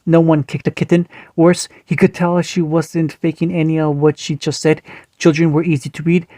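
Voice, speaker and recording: A man reading fan fiction aloud, steady but with small slips and restarts. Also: on the high side, normal speed, no room sound. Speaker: story reader.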